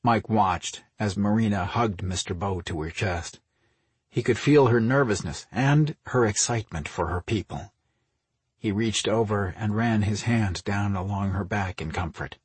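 A man narrating an audiobook in a steady, unhurried reading, close on the microphone. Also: fairly low pitch, breathy edge, dry recording. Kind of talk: scripted narration.

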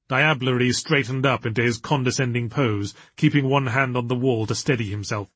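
A man narrating an audiobook story in measured storytelling tones with a husky voice. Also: medium pitch, fairly even intonation, a bit bright, no room sound.

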